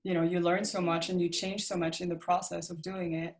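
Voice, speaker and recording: A woman's voice: on the low side, flat delivery, a little fast. Laughing woman musician, casual chat. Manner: laughs often, hesitant fillers. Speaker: musician guest.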